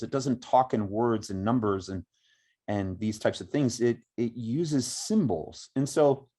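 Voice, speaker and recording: A middle-aged man teaching meditation outdoors, explaining slowly and reflectively with many pauses and restarts. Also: on the low side, dark tone. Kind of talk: spoken meditation instruction. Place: outdoors by woods.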